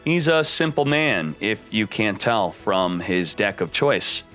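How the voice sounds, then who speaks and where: A man's voice: slow, faint music behind. A man hosting a card game stream, giving hyped deck-review commentary and sounding slightly out of breath. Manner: energetic, punchy, jumps up in pitch for emphasis.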